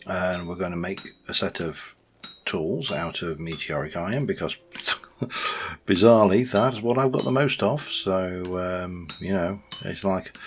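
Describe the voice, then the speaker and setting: A man with a very deep, low-pitched voice talks through a game in a loose, rambling way, stopping for fillers and small restarts. A faint hiss of noise sits under him. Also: creaky. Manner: chatty and rambling, with many fillers. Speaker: let's-play host. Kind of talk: casual game commentary.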